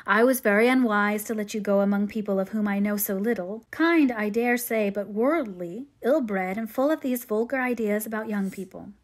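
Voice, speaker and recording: A woman's voice: medium pitch, normal speed, few pauses, close to an everyday voice. A woman reading aloud as a wise middle-aged mother advising her daughter. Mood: tender.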